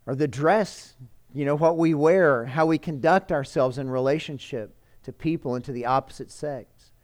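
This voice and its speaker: A man's voice: a little high, moderate pace, darkish tone. Earnest man preaching a sermon. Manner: earnest, pleading, voice rising and dropping for emphasis. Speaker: pastor.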